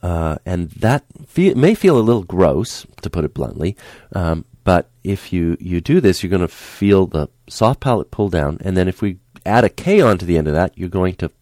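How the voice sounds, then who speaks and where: A man teaching a speech lesson, calm and patient, demonstrating the sounds aloud as he explains them. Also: deep voice, moderate pace, dry recording, clean studio sound.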